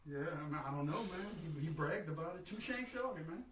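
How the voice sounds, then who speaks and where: A man's voice: on the high side, lively intonation, a little fast, a crowd in the background. A man hosting a casual podcast chat, telling prison stories with many stammered restarts. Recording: roomy, from a distance.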